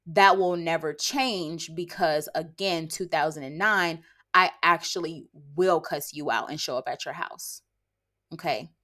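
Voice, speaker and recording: A woman in her late twenties talks straight to her podcast listeners in a blunt, sassy way. Her voice sits a little low, and she often finishes a point with a pointed "okay?". There is a sarcastic edge to how she lectures. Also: pushed and bright. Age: late 20s. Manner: sarcastic, quick bursts of laughter. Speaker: podcast host. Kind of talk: casual monologue podcast.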